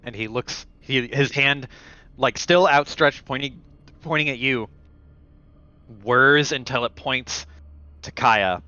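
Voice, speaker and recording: Bright-voiced man narrating a tabletop game. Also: mid-range voice, slow, pauses often, clear, resonant tone, no room sound, highs cut off. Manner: casual, filler-heavy narration. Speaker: game master.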